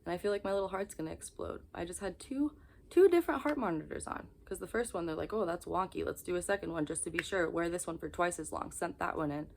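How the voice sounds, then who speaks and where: A woman's voice: lowish voice, expressive, fast, gravelly, a little hiss or hum. A young woman talking to camera in a confessional vlog, exhausted, candid and rambling. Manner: candid, rambling, emotionally raw. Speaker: vlogger.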